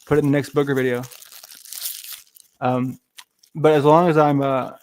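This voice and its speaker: Speaking at normal speed in a medium-pitched, level, darkish voice, a male livestream host rambles casually. He swears plenty, keeps restarting, and loses track of what he's saying.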